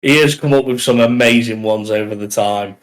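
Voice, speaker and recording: Fairly low in pitch and a little fast, this man co-hosts a casual podcast on a rough recording. He jokes around and laughs often between his lines.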